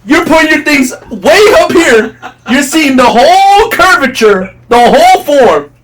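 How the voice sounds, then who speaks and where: High-voiced guy preaching on a podcast, laughs a lot, kinda far from the mic. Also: expressive, unhurried, very noisy. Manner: earnest, laughs often, preachy. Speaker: podcast co-host. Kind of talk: casual opinion chat.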